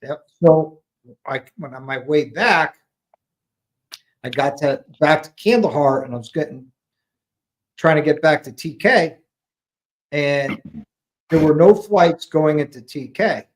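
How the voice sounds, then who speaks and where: With a slightly high voice, this former maintenance platoon sergeant from the United States spins war stories at a measured pace, pausing often and performing each quote with animation. The audio quality is low.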